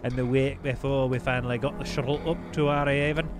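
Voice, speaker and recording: A man's voice: medium pitch, level tone, brisk, lightly acted. A man reading out a British ship captain's log in a hammy put-on accent that keeps slipping between regions, with game music behind. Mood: grim. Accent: mock British, drifting between regions.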